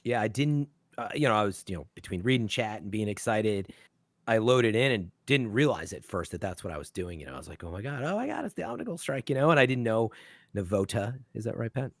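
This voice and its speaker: A man hosting a relaxed podcast conversation, rambling and restarting his sentences as he goes. His pitch moves around a lot, and his voice sounds dry and close to the mic. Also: fast, dry recording. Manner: rambling, with frequent restarts and fillers. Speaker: podcast host. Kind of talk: casual chat.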